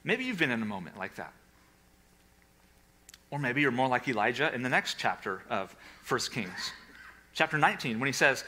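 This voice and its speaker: A man preaching a sermon to a congregation and an online audience, animated, with sarcastic asides and hushed, quiet passages. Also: medium pitch, moderate pace, pauses often. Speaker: pastor. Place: church with a livestream audience.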